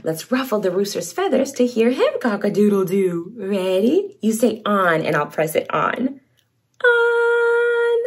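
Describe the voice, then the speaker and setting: A young woman hosting a toddler read-along lesson, speaking slowly and playfully and imitating farm animal sounds. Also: mid-range voice, big pitch swings. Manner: slow, sing-song, exaggerated for toddlers, imitates animal sounds. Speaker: children's show host.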